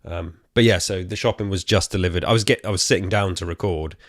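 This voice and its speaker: British guy in his 30s, bit out of breath, rambly podcast chat, kinda low voice. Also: steady tone, fast, a bit bright, dry recording, clean studio sound. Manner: rambling, chatty, self-correcting asides. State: slightly out of breath. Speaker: podcast host. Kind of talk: casual solo gaming podcast chat. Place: quiet room at home.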